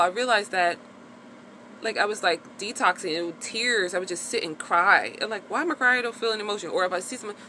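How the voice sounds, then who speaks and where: Woman vlogger, frank and chatty, bright forward voice, casual talk. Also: mid-range voice, a little hiss or hum. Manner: frank, chatty, peppered with "like" and swearing. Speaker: vlogger sharing her recovery after birth. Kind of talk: casual personal vlog talk.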